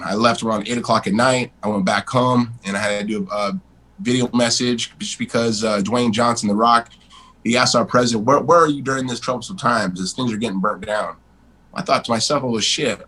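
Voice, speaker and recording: Guesting in a casual interview, this forties-aged man tells his stories in a blunt, animated style, cursing freely. The audio is poor, and his voice sits in the mid range.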